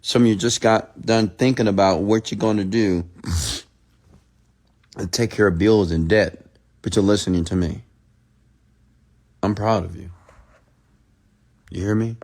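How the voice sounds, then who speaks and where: A man giving a late-night motivational livestream rant as a mentor, speaking straight to his listeners. He repeats phrases, swinging from loud pleading to a hushed, close tone. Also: lowish voice, fairly even intonation, unhurried, long pauses. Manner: repetitive, direct address to the listener.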